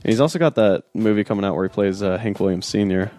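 A man's voice: on the low side, fast, dark tone, faint music behind. A young man co-hosting a casual podcast chat, eager and rambling, full of "dude" and "you know". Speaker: podcast co-host.

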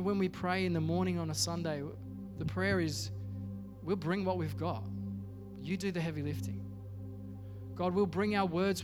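High-voiced pastor preaching. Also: male voice, in a large hall. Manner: conversational, acts out quoted dialogue. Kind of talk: sermon.

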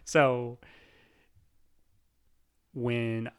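A man's voice: mid-range voice, little pitch movement, drawn-out words, fairly bright tone, smooth. Easygoing man telling a story. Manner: easygoing storyteller, laughs often. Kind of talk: casual chat.

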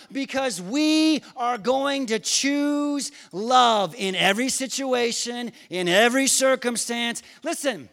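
Pastor guy with a pretty high voice preaching in church, goes from near whisper to yelling. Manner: preaching with call-and-response, swinging from hushed to shouting. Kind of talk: sermon. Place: church hall.

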